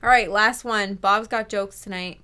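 A woman's voice: mid-range voice, steady tone, normal speed, sharp tone, clean tone. A woman co-hosting a live podcast, reading out listener questions and teasing her co-host, laughing easily. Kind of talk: casual live show chat.

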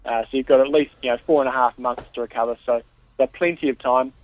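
A man co-hosting a casual podcast as a triathlon coach, patiently giving steady, practical training advice. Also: medium pitch, quick pace, no room sound. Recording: tinny phone-like line, dry.

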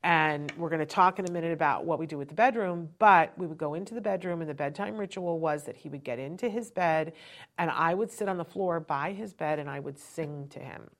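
Low-voiced woman sharing parenting tips. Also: fairly quick. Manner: chatty, often checks in with "right?"; lowers her voice to show winding down. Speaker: host, parent giving advice. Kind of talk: conversational advice talk.

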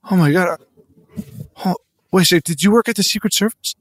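A man's voice: sits high, fairly quick, pauses often, no room sound. A man as a guest on a comedy podcast, goofy and teasing. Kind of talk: casual comedy podcast chat.

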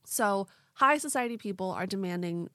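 A woman's voice: medium pitch, lively intonation, moderate pace, sharp tone, dry recording, clean studio sound. Casual young woman podcast host. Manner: casual, leans on "like" and "quote unquote". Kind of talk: true-crime storytelling chat.

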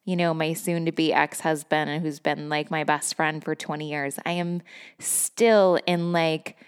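A woman podcast host speaks in a somewhat low voice, unguarded and effusive as she tells her own story. She swears without a second thought and scatters "like" through every sentence. Bursts of laughter keep breaking into her phrases. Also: fairly even intonation, a little slow, clean tone, big-room sound. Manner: candid and effusive, swears freely, heavy use of "like"; laughs often between phrases. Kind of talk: casual personal storytelling.

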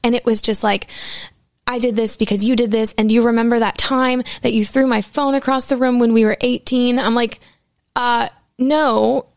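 A young woman tells a personal story in a loose, candid way, swearing freely. She slips into the voices of the people she quotes. Her voice has a gravelly fry and sits close and dry. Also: fairly high pitch, fairly even intonation, normal speed, no room sound. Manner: candid and profane, acts out quoted dialogue.

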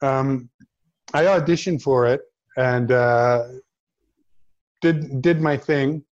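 A man's voice: mid-range voice, takes it slowly, no room sound, highs cut off. A middle-aged man, an actor guest in a casual chat, speaking earnestly and bluntly.

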